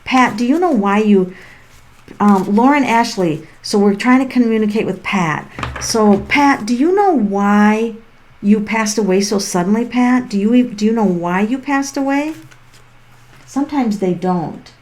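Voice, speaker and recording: A middle-aged woman hosts a tarot-reading livestream from her farmhouse, speaking into her laptop's built-in mic. Her medium-pitched, darkish voice is animated and measured as she chats, rambles, and laughs often between readings.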